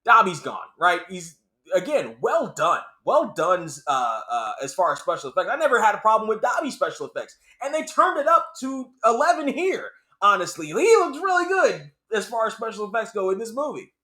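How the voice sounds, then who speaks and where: Animated, bright-voiced male movie reviewer. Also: high voice, normal speed. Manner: animated and emphatic, repeating lines for effect. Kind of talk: casual spoken movie review.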